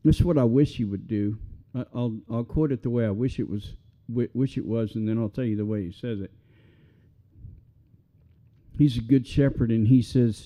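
A middle-aged male pastor preaches in an earnest, conversational way that climbs into passionate appeals. His voice sits at an ordinary pitch for a man. The recording is slightly dull and lo-fi. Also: moderate pace, mellow. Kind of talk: sermon.

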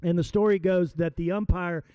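Male preacher, chatty and halting, slows for emphasis; smooth, dry close sound. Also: sits high, fairly even intonation, no echo, muffled recording. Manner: conversational, hesitant with fillers, slows for emphasis. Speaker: pastor. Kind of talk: sermon with storytelling and scripture reading.

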